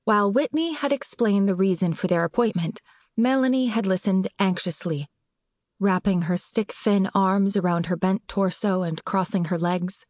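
A woman narrator reading an audiobook in a measured, clear way. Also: mid-range voice, a little mellow, no echo, clean studio sound. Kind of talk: scripted narration.

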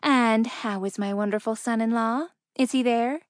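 A woman's voice: a little high, fairly even intonation, normal speed, no echo, studio quality, natural voice. A woman doing a tender, caring mother. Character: caring middle-aged mother, warm and gentle. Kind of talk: audiobook character reading.

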